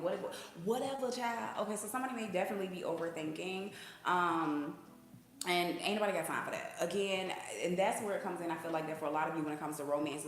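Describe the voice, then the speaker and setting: A woman hosting a casual spiritual reading, talking to viewers in a slangy, chatty way and often checking in with "okay?". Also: fairly low pitch. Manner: breaks into sung snippets. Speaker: intuitive reader, channel host. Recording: echoey room.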